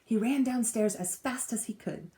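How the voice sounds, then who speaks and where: A woman teacher reading a children's storybook aloud with expressive storytelling. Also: a little high, normal speed.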